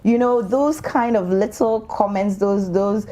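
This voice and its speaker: A woman's voice: medium pitch, measured pace, warm tone. A woman co-host from Ghana on a casual panel talk show, talking emphatically and slipping into mock-preachy, acted-out lines.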